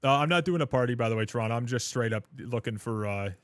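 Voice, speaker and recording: A man rambles casually on a gaming livestream, swearing and joking with his chat amid frequent fillers and restarts. He talks fast at a medium pitch, and the sound is clean studio audio with no echo.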